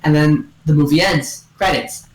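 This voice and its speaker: A woman excitedly retelling a story to friends over voice chat, rambling with lots of "and then" and "like", on a gaming headset at home. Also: low-pitched, normal speed, echoey room, noisy background. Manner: excitable, giggly, full of "and then" and "like".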